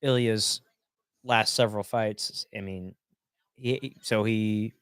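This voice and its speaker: Low-voiced man in rambling casual chat. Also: fairly even intonation, slow, a bit bright, clear, resonant tone, no echo, clean studio sound. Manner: rambling, lots of fillers and restarts. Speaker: podcast host. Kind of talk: casual fight-watch chat.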